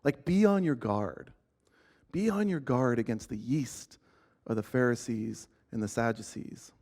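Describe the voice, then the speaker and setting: A man voicing a calm male teacher who gently but earnestly warns his followers to be careful. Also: medium pitch, measured pace, pitched below the performer's own voice. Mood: cautioning.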